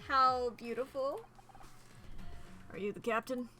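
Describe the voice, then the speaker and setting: A woman streamer giving casual, animated commentary while playing a game, laughing often and excitably. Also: a little high, slow pace, soft background music.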